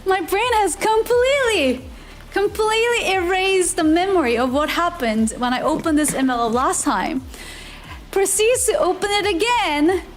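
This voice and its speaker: A woman with a very high voice tells a story on a live stream. She is giggly and animated, acting out the people in it with quick changes of tone. Soft music plays faintly behind her.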